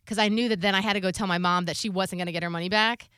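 A woman's voice: medium pitch, fairly even intonation, rapid-fire, a bit bright, smooth, dry recording, clean studio sound. A woman co-hosting a podcast, candidly telling a personal story in casual, confessional chat and swearing now and then.

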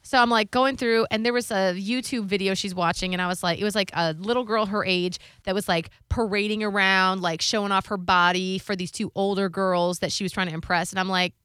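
A bright-voiced woman in her thirties tells a parenting story in loose, casual chat. She fills her speech with "like" and acts out what others said. The sound is dry and close. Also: medium pitch, fairly even intonation, fairly quick, few pauses, clean tone, no echo. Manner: chatty storyteller, acting out quotes, many "like"s. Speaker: radio host.

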